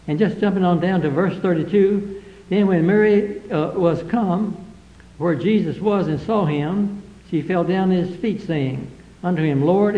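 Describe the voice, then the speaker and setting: Male preacher, higher-pitched voice, Bible-reading sermon delivery, echoey lo-fi recording. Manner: reads scripture aloud verse by verse, then explains it plainly; old-fashioned King James phrasing in quotes.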